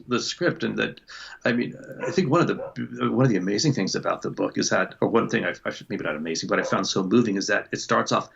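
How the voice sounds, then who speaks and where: A man talks through a dull, lo-fi video call in a gravelly, slightly husky low voice. He rambles, doubles back on his words and laughs often. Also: fairly bright tone. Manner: rambling, self-interrupting, quick laughs. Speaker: book club guest. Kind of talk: casual chat.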